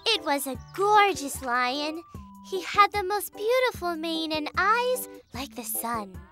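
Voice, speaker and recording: A woman's voice: very high-pitched, very animated, slow pace, fairly bright tone, soft background music, exaggerated voice. An actress voicing a cheerful, slightly vain young girl in a children's cartoon, telling her story in a chirpy voice.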